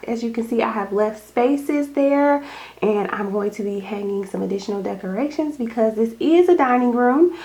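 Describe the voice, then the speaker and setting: Gushing, excitable woman vlogger. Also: fairly high pitch. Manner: gushing, excitable, says y'all. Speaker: home decor vlogger. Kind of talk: casual unboxing chat. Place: home dining room.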